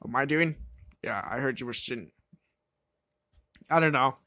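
A woman's voice: very deep voice, normal speed. Giddy woman voicing toy characters. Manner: giddy, shrieking bursts of excitement. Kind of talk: toy play-acting with several characters.

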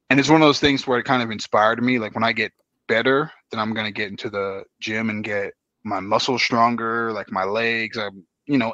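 A man in his thirties, a dance guest, talking in a relaxed, slangy way with many fillers. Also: fairly low pitch, no room sound, lo-fi sound. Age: 30s. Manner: laid-back, slangy, lots of fillers. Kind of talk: casual podcast chat.

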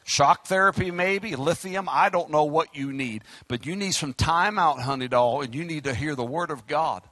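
A middle-aged man, preaching a fiery sermon as pastor, joking and then shouting his exhortations. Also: on the high side, moderate pace, no room sound.

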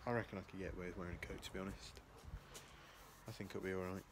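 A man's voice: deep voice, fairly even intonation, racing, very noisy. A young man vlogging casually at home, rambling and mocking himself, with lots of fillers. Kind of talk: casual vlog chat. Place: at home, indoors and out. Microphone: handheld camera at arm's length.

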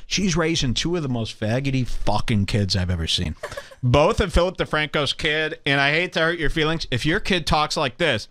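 Brash, bright-voiced ranting man. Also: fairly high pitch, lively intonation, normal speed. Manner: abrasive, profane, mocking. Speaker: podcast host. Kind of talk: casual rant with cohost.

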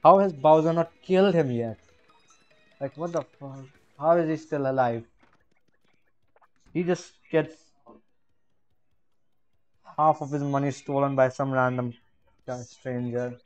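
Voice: medium pitch, measured pace, pauses often, darkish tone, highs cut off. A gamer casually playing a game and reading its dialogue aloud, with sarcastic, swearing asides.

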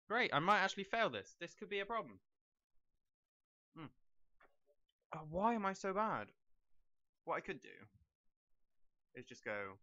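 A young man gives casual let's play commentary, rambling and talking to the characters on screen. His voice is on the high side, bright and forceful, with no echo and the highs cut off.

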